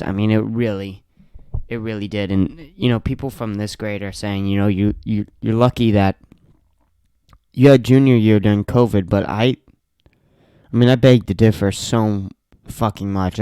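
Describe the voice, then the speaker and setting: Profane teenage podcaster, smooth dry voice. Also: male voice, on the low side, fairly even intonation, moderate pace, mellow, no echo. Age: late teens. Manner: profane, venting frustration, repeats himself. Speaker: podcast host. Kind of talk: casual solo podcast rant. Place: home podcast room.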